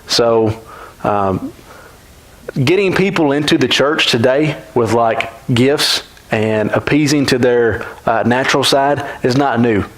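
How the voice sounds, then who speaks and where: A man leads a church Bible class in a conversational teaching style. He speaks at a middle pitch, neither high nor low, and keeps tossing questions out to the room. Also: takes it slowly, poor audio. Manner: conversational, keeps asking "right?".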